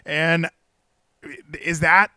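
A young man chatting casually on a podcast, excitable and rambling, with frequent swearing. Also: on the high side, drawn-out words, clear, resonant tone, no echo, studio quality. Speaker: podcast host.

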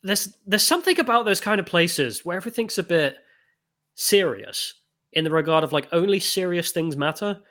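A young man talks in a lively, swooping way, his voice ringing and bright as he tells blunt, animated stories. He sits slightly high in pitch for a man and swears freely in casual chat. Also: moderate pace. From United Kingdom. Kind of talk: casual conversation.

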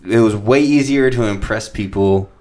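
A man's voice: fairly low pitch, moderate pace. A man hosting a casual chat, a rapper who tells rambling, profane stories. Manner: rambling, profane, animated storytelling.

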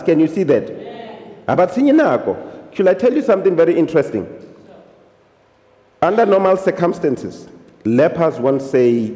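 Pastor preaching in a hall. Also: male voice, on the high side, warm tone. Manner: switches between English and local languages, punctuated with amens. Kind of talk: sermon. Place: church hall. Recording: echoey hall.

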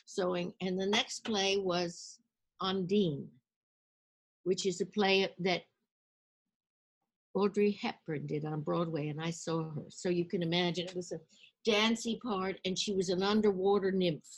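An older woman, an actress, recounting her past in a storytelling interview, lively and acting out the people she quotes. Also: fairly low pitch, a little slow.

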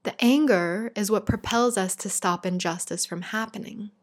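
A woman giving a heartfelt spiritual talk, earnest and emphatic, shaken but steady. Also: medium pitch, moderate pace. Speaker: spiritual speaker.

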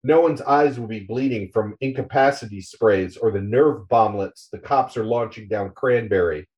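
A man's voice: fairly low pitch, moderate pace, a little mellow, distant mic, natural voice. Man voicing a foul-mouthed bitter male journalist, scathing, profane, muffled lo-fi audio.

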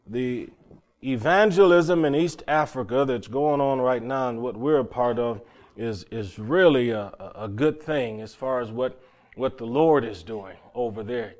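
A man's voice: mid-range voice, darkish tone. Earnest preacher man. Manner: earnest, halting storytelling with repeated words. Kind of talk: sermon testimony.

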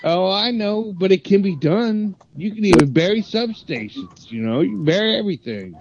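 A man co-hosting a casual podcast, asking questions quickly and chuckling between remarks. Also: high voice, expressive, gravelly, muffled recording, over loud music.

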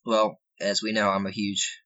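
A man's voice: lowish voice, completely flat delivery, normal speed, pushed and bright. A man co-hosting a casual video game podcast, enthusiastic and rambling with fillers and asides. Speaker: podcast co-host. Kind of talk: casual game discussion chat. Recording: slightly dull lo-fi recording.

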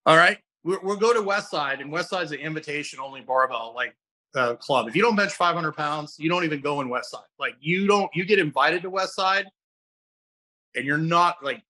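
A middle-aged man guest-hosting a podcast, telling stories with lively, bright energy. He rambles, restarts his sentences and keeps slipping into other people's voices. His tone stays forceful and clear. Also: fairly high pitch, moderate pace. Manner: animated storyteller who acts out other people's voices. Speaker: fitness coach and guest host. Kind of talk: casual podcast chat.

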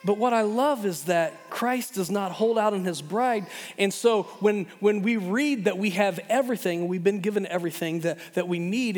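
A middle-aged man preaching a sermon in an animated way, often repeating words and restarting. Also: high voice. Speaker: pastor. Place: church hall. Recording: long hall reverb.

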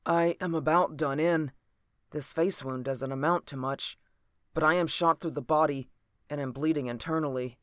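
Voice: medium pitch, fairly even intonation, moderate pace, fairly bright tone, no room sound, lightly acted. A reader voicing a wounded middle-aged man who is dying and speaks faintly between urgent pleas, in a dry close recording. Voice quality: faint, gasping.

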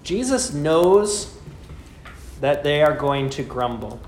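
A man preaching a sermon, asking rhetorical questions and slowing down with dramatic pauses. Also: a little high, very animated, a little hiss or hum. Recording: echoey room with faint ambience.

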